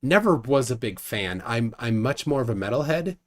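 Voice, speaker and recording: A man's voice: mid-range voice, expressive, normal speed. A man hosting a casual live debate stream, wry and laughing often as he reads out viewer comments. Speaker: livestream debate host.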